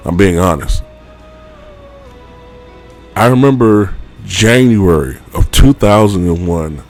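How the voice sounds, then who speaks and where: A man's voice: low-pitched, expressive, measured pace, a little mellow, faint music behind. A man vlogger telling a personal story in a rambling, casual way, full of fillers and offhand swearing.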